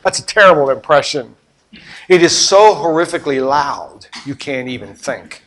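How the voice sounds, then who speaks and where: A man preaches a sermon, telling stories with lively swings from loud bursts to hushed asides. His voice sits a little high and rings bright. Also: normal speed. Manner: animated storytelling, swings between loud and hushed. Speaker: pastor.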